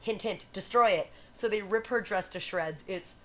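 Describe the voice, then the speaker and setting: A woman hosting a livestream, chatty and animated as she retells a story to her viewers. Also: medium pitch, normal speed. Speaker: livestream host. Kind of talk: casual retelling and performing for a live chat.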